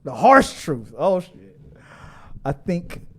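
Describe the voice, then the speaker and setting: A man's voice: on the high side, slow, slightly rough. A middle-aged man hosting a casual live stream, laughing often and reading viewer comments aloud. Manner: laughing, animated, reads chat comments aloud.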